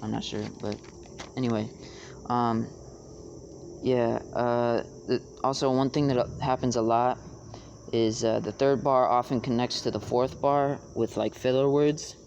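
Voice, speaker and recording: A young man explaining rap rhyme schemes in a casual tutorial, halting with many fillers. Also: medium pitch, steady tone, darkish tone, slight background noise. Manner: halting, many fillers, raps lines to demonstrate.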